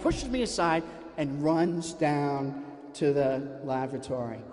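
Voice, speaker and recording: Man, live comic storyteller, animated, self-mocking, higher voice, echoing hall. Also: a little slow.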